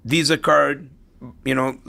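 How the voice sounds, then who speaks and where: This middle-aged interview guest, a real estate investor, has a bright, forceful, gravelly voice on the high side, and he speaks slowly in a level tone. He recounts stories casually and ends his points with "right?".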